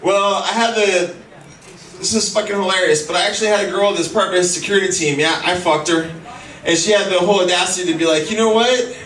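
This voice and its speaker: A man's voice: sits high, steady tone, fast, fairly bright tone. A man doing a stand-up comedy set in a club, crude and rambling, full of profanity, acting out the lines of the people in his stories. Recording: roomy echo, mic heard from a distance.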